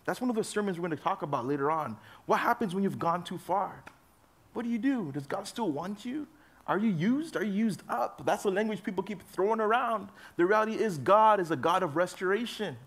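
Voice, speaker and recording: A young adult man giving a youth sermon in a casual, conversational way, full of fillers, moving between loud emphasis and soft low asides. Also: lively intonation, fairly quick. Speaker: youth pastor.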